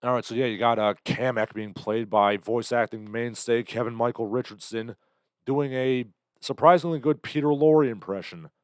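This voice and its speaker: A young man hosts a casual livestream, sardonically rambling through chat comments and breaking into loud impressions. His voice is clear and resonant, medium in pitch and moderate in pace, captured in a dry, studio-quality recording with no room echo.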